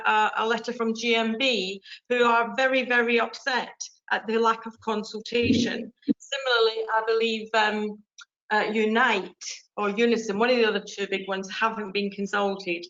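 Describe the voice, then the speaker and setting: English woman councillor arguing her point, higher voice, earnest with lots of ums, dull lo-fi chamber audio. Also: pushed and bright. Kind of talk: council meeting debate speech.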